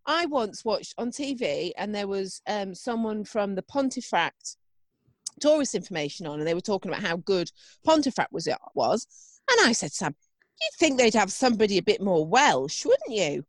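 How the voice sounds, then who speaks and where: A woman co-hosting a podcast over a video call, animated and giggly, telling self-mocking stories. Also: mid-range voice, normal speed, no echo. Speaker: podcast co-host. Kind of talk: casual chat. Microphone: remote video call.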